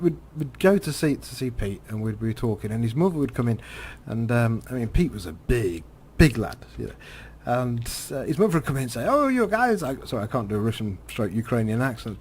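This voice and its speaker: Man, game commentary, rambling storytelling, halting, fillers, repeated words, faint background noise. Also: mid-range voice, darkish tone. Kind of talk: rambling storytelling while playing a driving game.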